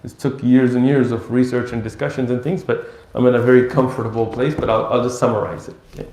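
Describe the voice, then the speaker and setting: A man giving an Islamic lecture, telling stories in an animated way and acting out bits of dialogue. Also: medium pitch, fast. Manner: animated storytelling with acted-out dialogue. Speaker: Islamic teacher. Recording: roomy echo.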